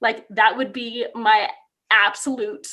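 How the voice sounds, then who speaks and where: A woman in her thirties talks casually and upbeat as a podcast guest, her voice sitting fairly high. She is from California and fills her talk with "like". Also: steady tone, slow, pushed and bright, muffled recording. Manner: chatty, upbeat, lots of "like". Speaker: podcast guest, elementary PE teacher. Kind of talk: casual interview conversation.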